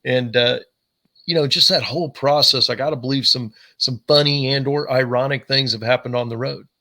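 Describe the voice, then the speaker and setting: Podcast host guy, bright sharp voice, chill interview vibe. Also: mid-range voice, fairly even intonation, moderate pace. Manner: encouraging, with frequent short acknowledgements. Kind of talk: casual interview.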